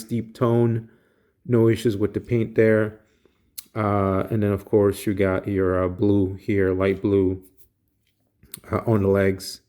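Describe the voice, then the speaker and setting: A man casually reviewing a collectible action figure, relaxed, with frequent ums and restarts. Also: on the low side.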